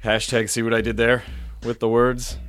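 A man's voice: mid-range voice, completely flat delivery, moderate pace, a bit bright, faint music behind. Chatty joking man hosting a podcast. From Southern United States. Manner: playful, jokey, chatty. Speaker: podcast host. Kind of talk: casual podcast chat with ad reads.

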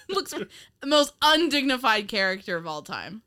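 A woman's voice: fairly high pitch, big pitch swings, unhurried, bright, forceful tone. A woman co-hosting a casual chat about an old TV show, rambling and giggling often. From United States. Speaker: podcast co-host.

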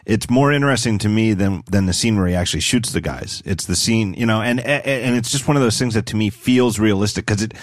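A man's voice: lowish voice, no room sound, clean studio sound. A man co-hosting a casual film podcast, rambling and restarting as he explains a favorite scene. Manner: rambling, halting. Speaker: podcast co-host. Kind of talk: casual movie discussion.

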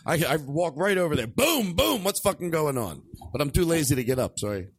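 Animated joking male podcast host. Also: a little high, fast talker, slight background noise. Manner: rambling, joking, swears freely. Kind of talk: loose comedic banter.

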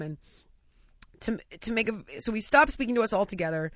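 A woman telling a funny story in a casual chat, animated and laughing as she mimics the people in it. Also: medium pitch, brisk, noisy background. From United States. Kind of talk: casual anecdote. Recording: dry, slightly dull lo-fi recording.

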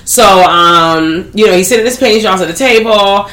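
A woman hosting a podcast, recapping a movie in animated, profane slang. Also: mid-range voice, normal speed. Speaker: podcast host. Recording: roomy echo.

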